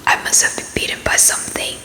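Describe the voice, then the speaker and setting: A scheming young woman playing sick, as a woman reader whispers her in whispered role-play. Her murmured whisper is weak and very bright. The room around her is echoey. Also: fast. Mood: feigning weakness.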